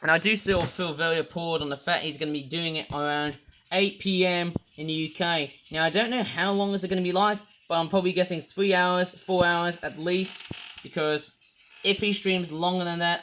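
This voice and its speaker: A man's voice: on the high side, fairly even intonation, moderate pace, pushed and bright, slight background noise. A man reviewing toys in a casual, rambling vlog, circling back on filler words and drifting into a grumbling rant. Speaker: toy reviewer.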